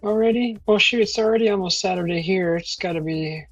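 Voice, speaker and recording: A woman's voice: medium pitch, brisk, no echo, muffled recording, soft background music. A middle-aged woman hosting a casual live stream, chatting to viewers with a sickly, weakened throat, rambling and laughing often. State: sick, throat still weak. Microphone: computer microphone for live stream.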